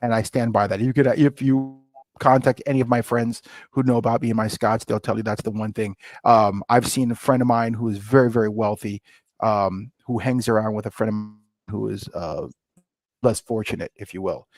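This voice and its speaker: A middle-aged man telling stories in a casual interview, animated and acting out dialogue, often jumping up in pitch. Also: fairly quick, rough recording. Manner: animated, jumps to high excited pitch when retelling; many fillers and restarts, acts out quoted dialogue. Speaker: guest, scotch brand founder.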